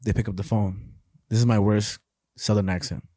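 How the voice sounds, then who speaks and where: A man's voice: on the low side, moderate pace, no room sound, studio quality. A young man co-hosting a podcast, telling rambling stories in a casual, profane way. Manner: rambling, profane, animated storytelling. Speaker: podcast co-host.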